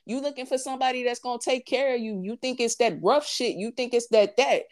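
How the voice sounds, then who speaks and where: A woman's voice: on the high side, fairly quick. A woman, talking bluntly and profanely in casual chat, repeating her points for emphasis.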